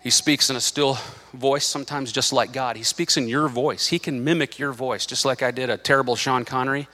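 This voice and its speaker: A man's voice: medium pitch, steady tone, a little fast, pushed and bright. A male pastor preaching a sermon in a church, emphatic and impassioned with lots of repetition. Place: church sanctuary.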